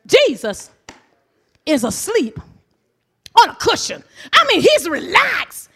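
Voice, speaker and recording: A woman preaching a sermon emphatically, swinging from soft, low asides to shouting. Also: wildly swooping pitch, slow pace, pauses often.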